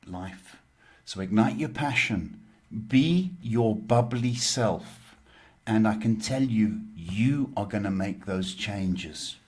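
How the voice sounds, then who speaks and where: Slow-talking man reading tarot live. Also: fairly low pitch, darkish tone. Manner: slow, measured, motivational advice with many ums. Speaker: psychic tarot reader and host.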